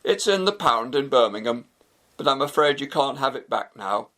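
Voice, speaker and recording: A man voicing a formal, measured police officer on the phone. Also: medium pitch, lively intonation, pushed and bright. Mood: grave.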